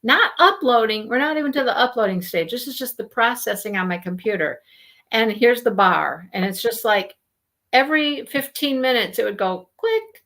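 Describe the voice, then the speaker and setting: A woman's voice: fairly high pitch, normal speed. Chatty woman hosting a live stream. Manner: chatty, animated storytelling, greets viewers by name. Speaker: livestream host. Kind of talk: casual live chat.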